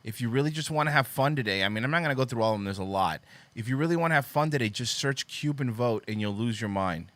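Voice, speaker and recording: Sarcastic, bright-voiced male commentator. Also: mid-range voice, animated, fast, no room sound. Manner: sarcastic and profane, reading posts aloud and mocking them. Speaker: host. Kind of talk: political commentary show.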